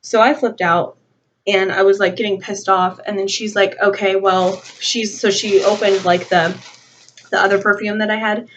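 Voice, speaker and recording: A young woman vlogger telling an animated storytime rant, acting out a dialogue with lots of "like". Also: medium pitch, moderate pace, slight background noise. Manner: animated, acts out both sides of a dialogue, heavy use of "like". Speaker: beauty vlogger. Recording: slightly dull lo-fi home video audio.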